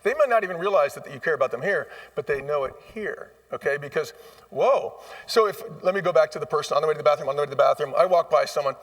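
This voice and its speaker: A man's voice: fairly high pitch, animated, quick pace, distant mic. A man speaking as a guest in a live onstage interview, telling stories emphatically and acting out bits of dialogue. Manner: emphatic, acts out quoted dialogue. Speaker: former restaurant chain CEO, guest. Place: conference stage.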